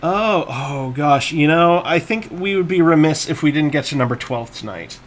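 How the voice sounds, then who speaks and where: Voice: mid-range voice, expressive, moderate pace. Chill art stream cohost, dry little jokes, lots of yeahs. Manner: laid-back, agreeable, dry quips. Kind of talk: casual chat while drawing on stream.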